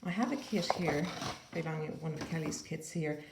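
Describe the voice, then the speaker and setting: Gravelly, low-voiced woman, chatty. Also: brisk, background noise. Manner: chatty, rambling, with playful asides. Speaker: paper-craft vlogger. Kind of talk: casual show-and-tell flip-through. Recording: echoey room.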